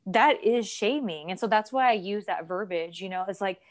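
A woman co-hosting a podcast in casual chat, telling a story with animated delivery and reading messages aloud. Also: mid-range voice, normal speed. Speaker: podcast co-host.

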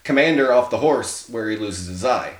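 An excited man co-hosting a casual film chat, swearing freely and laughing at his own points. His voice sits in a middle register and rings with a noticeable room echo. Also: medium pitch, moderate pace. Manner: enthusiastic, swears and laughs often. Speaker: podcast co-host. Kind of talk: casual movie discussion.

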